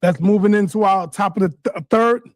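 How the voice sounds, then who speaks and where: High-voiced man moderating a debate. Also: moderate pace, no echo, studio quality. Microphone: video call.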